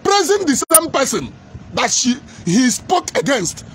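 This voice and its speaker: A man's voice: extremely high pitch, very animated, unhurried, a bit bright, slight background noise. A man giving an emphatic, repetitive political commentary monologue.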